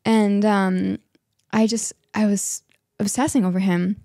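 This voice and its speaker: A young woman guest on a podcast telling a story in a casual, animated way, acting out what people said. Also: medium pitch, measured pace, dry recording, clean studio sound. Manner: animated, acts out quotes, many likes and restarts.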